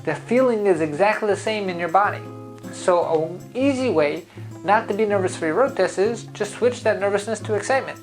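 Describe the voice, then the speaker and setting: A man's voice: sits high, fairly quick, music in the background, rough recording. A man who founded a driving school gives an upbeat, coaching talk straight to his viewers. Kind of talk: motivational talk to camera.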